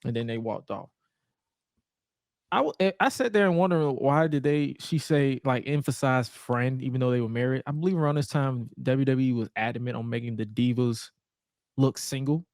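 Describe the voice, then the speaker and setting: A man in his thirties co-hosting a podcast, telling stories in a casual, animated way, swearing freely and using lots of fillers. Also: mid-range voice, moderate pace, no room sound, studio quality. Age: 30s. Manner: animated, profane storytelling with many fillers. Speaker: podcast co-host. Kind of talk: casual chat.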